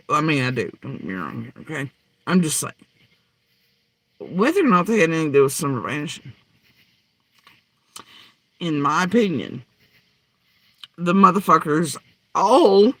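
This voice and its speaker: A man delivering a heated, profane rant, swinging between loud outbursts and low muttering. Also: dry recording. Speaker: podcaster ranting.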